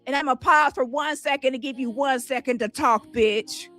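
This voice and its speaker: A woman's voice: sits high, moderate pace, fairly bright tone, soft background music. A woman hosting a livestream, ranting in a profane, taunting and mocking way at someone she calls out. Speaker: livestream host. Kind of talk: combative livestream rant. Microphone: phone.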